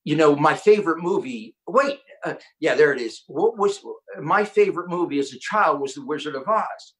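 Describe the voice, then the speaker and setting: A man hosting an online conference, telling an inspirational story with excitement and acting out the quotes. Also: fairly high pitch, moderate pace, poor audio. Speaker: host.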